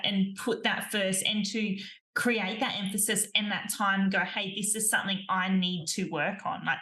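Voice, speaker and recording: A woman's voice: medium pitch, bright, forceful tone. A woman hosting a podcast, chatting casually and agreeing often, with a lot of "like" in her talk. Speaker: podcast host. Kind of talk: casual chat. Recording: echoey room.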